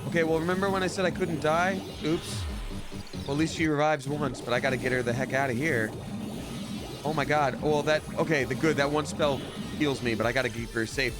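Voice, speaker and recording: Guy streaming a game, chatty and slangy, says sorry a lot, loud game music underneath. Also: on the high side, fairly even intonation. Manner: chatty, upbeat, quick to apologize, slangy. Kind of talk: casual live-stream chat while gaming.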